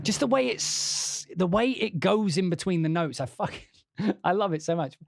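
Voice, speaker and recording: A young English man hosting a casual livestream, demoing music software, chatty and swearing as he laughs off his mistakes. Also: high voice, animated, normal speed, vocal fry, dry recording, studio quality.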